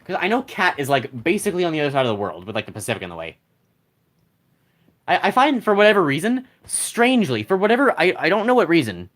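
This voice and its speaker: A game streamer talks to the chat in a loose, rambling way, often restarting sentences and reading messages aloud. The pitch swings widely and animatedly through each thought. It sounds like a plain desk mic setup. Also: big pitch swings, fast talker, a bit bright. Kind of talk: casual live-stream chat.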